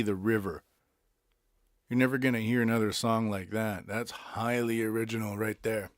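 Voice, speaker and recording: A man's voice: mid-range voice, no echo, studio quality. A man from Boston with a Boston accent, hosting a casual solo podcast and chatting about songs in a rambling way, with many fillers. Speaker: podcast host. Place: Tokyo.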